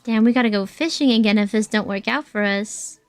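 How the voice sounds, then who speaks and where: A woman's voice: mid-range voice, brisk, no echo. A woman streaming a video game, chatting casually with her viewers, joking, swearing and answering their messages. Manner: playful, swears, reads and answers chat. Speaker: VTuber streamer. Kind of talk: casual gaming livestream chat. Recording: dry voice with faint game music.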